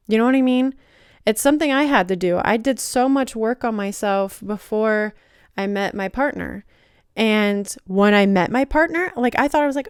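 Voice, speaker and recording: Young woman hosting a casual self-help podcast, talks loosely with lots of fillers, pitched a bit high. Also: normal speed, clear, resonant tone, no room sound, studio quality. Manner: chatty, heavy use of "like" and "you know". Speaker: podcast host.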